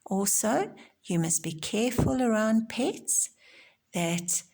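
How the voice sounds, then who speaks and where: Slow, gravelly-voiced woman teacher. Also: mid-range voice, animated. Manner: slow, gentle, explaining simply to small children. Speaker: primary school teacher. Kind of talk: recorded home-learning lesson for young children.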